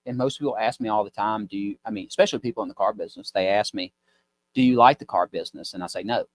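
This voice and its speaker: A man's voice: fairly low pitch, quick pace. A man, a business owner telling a rambling, folksy story as a podcast guest. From Mississippi. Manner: rambling, folksy, mimics voices in stories. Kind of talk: casual storytelling chat.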